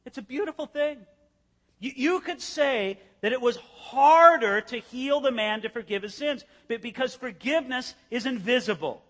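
Bright-voiced preacher in a reverberant hall. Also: male voice, very high-pitched, normal speed. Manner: animated storytelling, acting out scenes. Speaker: pastor. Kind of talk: expository sermon.

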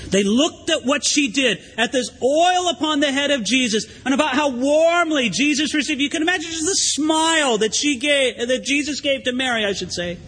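A man preaching a sermon as pastor, in a conversational, animated way. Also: very high-pitched, normal speed, a little hiss or hum. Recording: long hall reverb.

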